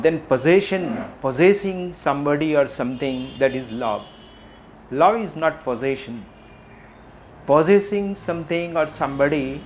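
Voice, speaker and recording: A middle-aged man giving a reflective public talk, asking questions and repeating phrases with frequent pauses. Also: fairly high pitch. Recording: faint background noise.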